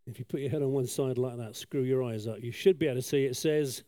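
A man's voice: medium pitch, fairly quick, few pauses, warm tone, dry recording, clean studio sound. A man telling a story while painting on a sketchboard, chatty and self-deprecating, with lots of asides. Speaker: children's talk storyteller.

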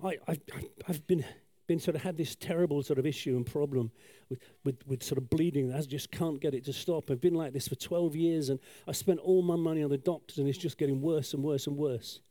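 A man voicing a desperate ailing woman who confesses in a halting, pleading way, close to his own voice. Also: fairly high pitch, mellow, dry recording, lightly acted.

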